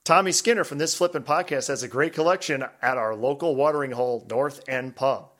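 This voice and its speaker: A man's voice: medium pitch, brisk, fairly bright tone. A man co-hosting a podcast, reading listener emails aloud in casual chat and laughing often. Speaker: podcast co-host.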